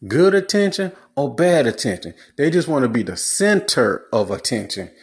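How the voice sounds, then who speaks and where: A man's voice: medium pitch, very animated, normal speed. A man giving blunt, preachy relationship advice in a casual, slangy monologue.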